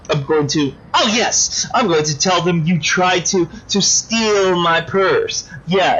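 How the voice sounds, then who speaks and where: A man's voice: fairly high pitch, fairly bright tone, breathy edge, pitched above the performer's own voice. A man voicing a whiny, childish female villain in a video game, who talks in a petulant, squealing way, on a dull lo-fi recording.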